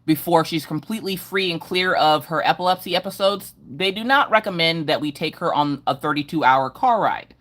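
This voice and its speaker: A woman's voice: deep voice, a little fast, hardly any pauses, a bit bright. A middle-aged woman hosting a casual livestream from home, greeting viewers by name in a sing-song way. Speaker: livestream host.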